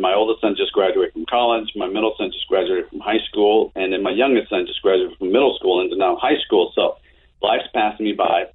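A man in his fifties telling animated anecdotes as an interview guest, with frequent restarts. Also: on the low side, breathy edge. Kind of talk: casual storytelling. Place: home office. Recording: tinny phone-like line.

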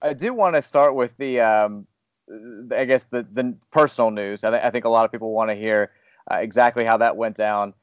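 A man's voice: medium pitch, fairly quick, clear, resonant tone, no room sound, lo-fi sound. A man hosting a casual podcast, talking candidly and rambling a little, with self-deprecating humor. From Louisville, Kentucky area. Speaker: podcast host, fired radio host.

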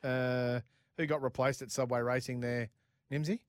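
An Australian man co-hosting a motorsport radio show from a studio, joking, laughing often and telling quick anecdotes. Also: medium pitch, steady tone, very noisy. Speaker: radio co-host. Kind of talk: casual motorsport banter.

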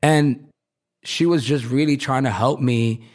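A man's voice: medium pitch, a little slow, darkish tone. A man, a fashion designer, talking casually as an interview guest, peppering his stories with "like" and acting out the voices of people he quotes. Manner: chatty, leans on "like", acts out quoted voices.

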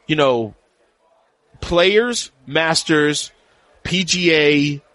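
A man co-hosting a casual golf podcast, talking in animated, teasing bursts. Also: on the high side, very slow, no echo. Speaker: podcast co-host and golf reporter. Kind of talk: casual sports podcast chat.

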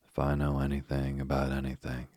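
A mild, simple-minded teddy bear voiced by a man reading a bedtime story talks in an extremely deep, husky and flat tone. He speaks slowly, and the recording is dry and close. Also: no echo. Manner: slow, gentle and mild.

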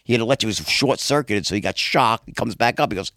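A man telling wild stories in casual chat, profane and animated, often acting out quotes in a high voice. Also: fast talker, dry recording, studio quality. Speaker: podcast guest.

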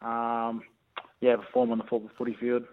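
A man's voice: medium pitch, normal speed. Young man talking down a tinny phone line. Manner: relaxed, rambling with fillers and restarts. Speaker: guest rugby league player. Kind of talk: casual radio interview over the phone.

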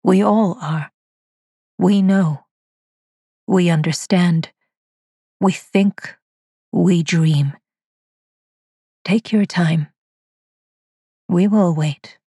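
A devoted male robot servant, calm and hushed, addressing his mistress slowly in a low, dry, close voice, as a woman puts him on. His loyalty comes through in every soft, reverent line. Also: slightly rough, no echo, exaggerated voice. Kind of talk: audio drama reading.

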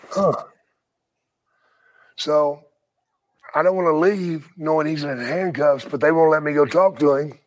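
An older man, a retired wrestler and podcast guest, telling stories in a casual, profane, animated way with frequent laughs. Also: fairly high pitch, measured pace, pauses often, rough recording. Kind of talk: casual storytelling.

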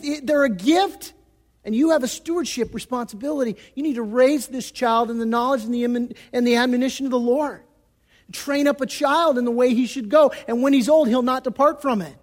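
Conversational pastor preaching in a reverberant hall. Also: male voice, extremely high pitch. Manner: conversational, acts out quoted voices. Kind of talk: sermon. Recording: long reverb of a church hall.

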